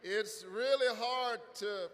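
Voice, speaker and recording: A man who is a pastor giving a rally speech, with a preaching cadence that builds to shouted calls to the crowd. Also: extremely high pitch, slow pace. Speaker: pastor speaking at a political rally. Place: large rally venue. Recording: reverberant venue with crowd noise. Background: cheering crowd.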